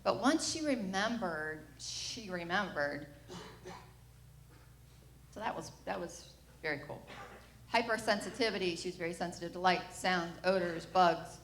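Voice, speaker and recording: A middle-aged woman with a fairly low voice gives a personal testimony in a church. She tells her story frankly and acts out the quoted lines. Her voice rings in an echoey room over a faint hum of ambience. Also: a little slow. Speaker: mother giving a church testimony. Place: church sanctuary.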